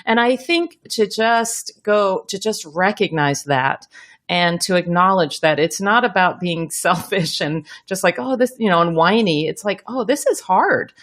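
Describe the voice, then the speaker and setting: A middle-aged woman hosts a podcast, speaking reflectively and casually with a lowish, fairly bright voice at a measured pace. She laughs easily and often restarts her sentences.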